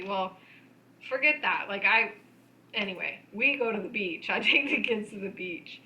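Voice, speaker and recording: A woman's voice: mid-range voice, moderate pace, poor audio. A woman co-hosting a podcast in casual chat, telling stories animatedly and laughing often. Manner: giggly, animated storyteller. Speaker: podcast co-host.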